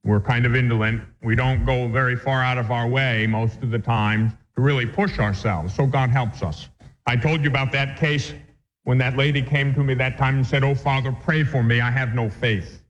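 A man, a priest, teaching a catechism class in an earnest, measured way, with homely examples. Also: mid-range voice, fairly even intonation. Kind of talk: spoken catechism lesson. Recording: muffled recording with long hall reverb.

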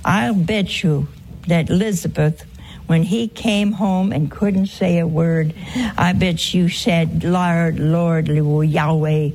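A woman preacher with a gravelly, rough-edged voice. She speaks slowly and deliberately, teasing her audience with rhetorical questions and chuckling often. A faint hiss of noise runs underneath. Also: on the low side, a little mellow. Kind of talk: humorous sermon.

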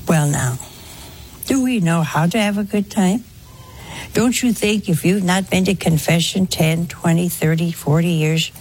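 Woman preacher, lower voice, unhurried, homey, asks the congregation questions. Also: slight background noise. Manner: folksy, asks rhetorical questions, tells anecdotes. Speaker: religious speaker. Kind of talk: spoken sermon to a congregation.

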